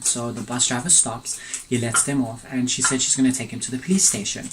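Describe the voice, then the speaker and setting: Eating and tasting food between sentences, this mukbang vlogger rambles through a casual story at home, drifting off on tangents. He speaks at a normal pace in a mid-range voice, with some background noise.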